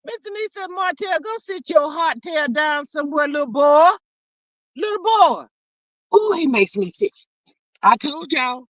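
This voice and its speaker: A woman's voice: high voice, lively intonation, normal speed, pushed and bright, no echo. A woman hosting a casual livestream, reading viewer comments aloud and chatting with her audience. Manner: chatty, calls listeners "child" and "y'all". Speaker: livestream host.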